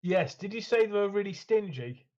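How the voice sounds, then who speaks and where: A man with a fairly high voice co-hosts a hobby chat, rambling keenly and filling gaps with "uh" and "man". His sound is dull and lo-fi. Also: lively intonation, moderate pace, a little mellow. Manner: enthusiastic, rambling, lots of fillers. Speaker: co-host.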